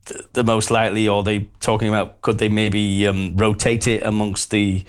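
Male caller, lower voice, earnest and opinionated, stop-start delivery. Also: level tone, moderate pace. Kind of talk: phone-in call.

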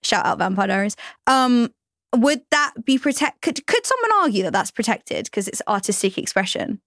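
A woman co-hosting a casual talk show tosses out playful, probing questions. Her voice sits fairly high and swings widely in pitch. The recording is close and dry. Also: sing-song, moderate pace, fairly bright tone, dry recording. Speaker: podcast co-host. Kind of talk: casual chat.

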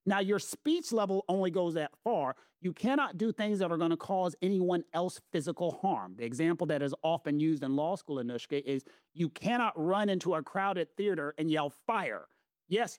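A man with a Southern US accent explains the law to his co-host in an emphatic, lecturing way, repeating phrases for stress. His voice sits high for a man. The recording is dry, with no room sound. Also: dry recording. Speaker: legal commentator co-host. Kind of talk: casual explanatory chat.

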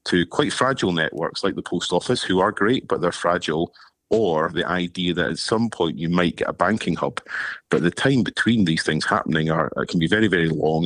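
Deep-voiced man, earnest radio guest. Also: fairly bright tone, dry recording. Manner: earnest, repeats words while thinking. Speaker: charity policy director, interview guest. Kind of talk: radio interview.

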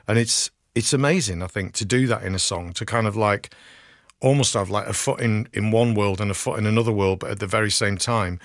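A man's voice: lowish voice, fairly bright tone, no room sound. A man presenting a rock radio show, chatting enthusiastically and self-deprecatingly with fillers, at a studio microphone. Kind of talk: casual radio DJ chat.

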